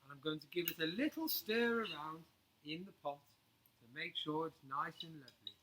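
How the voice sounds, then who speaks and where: Animated male children's storyteller. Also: a little high, normal speed, slight background noise, low-quality recording.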